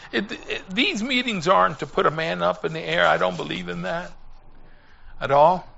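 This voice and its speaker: A man preaching a sermon full of storytelling, animated, rising to shouts and slowing for emphasis. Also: on the high side, vocal fry. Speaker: missionary preacher. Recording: dull lo-fi recording.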